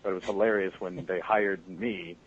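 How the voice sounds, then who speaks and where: A man's voice: low-pitched, fairly even intonation, normal speed, slightly rough. A man who works as a voice actor, telling stories animatedly with frequent laughs in a casual interview. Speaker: voice actor guest. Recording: muffled podcast audio with faint noise.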